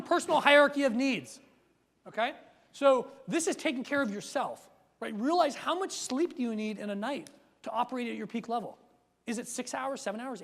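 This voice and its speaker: A man coaching a live seminar audience, energetic, checking in with "right?" and acting out his stories loudly. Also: extremely high pitch. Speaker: workshop speaker and coach. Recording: long hall reverb.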